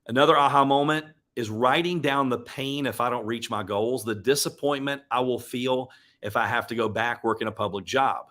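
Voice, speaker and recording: A man's voice: medium pitch, steady tone, moderate pace, a bit bright. A man hosting a motivational live stream, speaking earnestly and emotionally. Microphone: webcam or desk mic on live stream.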